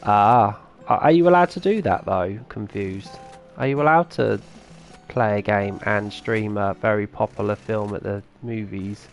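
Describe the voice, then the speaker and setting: A man's voice: fairly low pitch, measured pace, soft background music. A man streaming a farming game, chatting casually and answering his viewers' comments as he plays. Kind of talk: casual live-stream chat.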